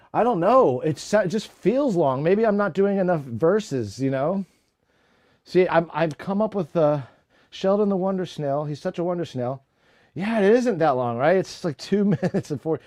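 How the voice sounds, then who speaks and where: A man's voice: a little high, studio quality. A man chatting casually on a livestream about writing his songs, laid-back and rambling. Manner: laid-back and rambling, full of "like" and "you know". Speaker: musician streaming his songwriting. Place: home recording room. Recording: echoey room with loud music. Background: loud rock music with guitar.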